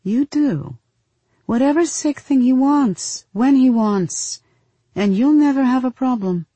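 A woman's voice: sits high, slow pace, dark tone, breathy edge, no echo, pitched above the performer's own voice, heavily acted. A woman voicing a blunt middle-aged mother who gives crude marriage advice in a matter-of-fact, emphatic way. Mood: insistent. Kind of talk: audiobook story reading.

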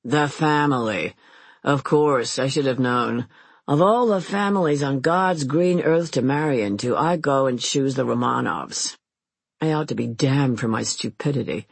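A storyteller voicing an exasperated husband who speaks in a low menacing tone, dry and irritated. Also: unhurried, vocal fry, husky, no echo. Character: angry, menacing husband of an aristocratic house.

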